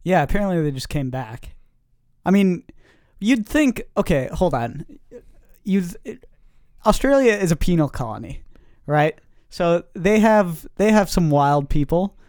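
Smooth-voiced rambling podcast man. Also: high-pitched, unhurried, no room sound, clean studio sound. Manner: animated, rambling tangents. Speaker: podcast co-host. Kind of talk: casual chat.

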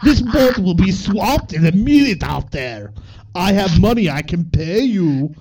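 A man reading a book aloud in an exaggerated mock Russian accent, loud and drawn out. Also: high voice, big pitch swings, unhurried, husky, voice pushed up, heavily acted. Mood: hammy. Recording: dull lo-fi recording.

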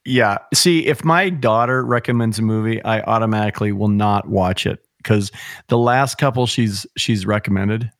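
A man's voice: lowish voice, normal speed, a bit bright, no room sound, studio quality. A middle-aged man in casual chat, an enthusiastic storyteller who retells film scenes.

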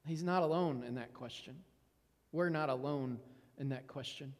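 A man's voice: medium pitch, moderate pace, big-room sound. A man giving a sermon as a pastor, earnest and reflective, often repeating words as he stresses a point.

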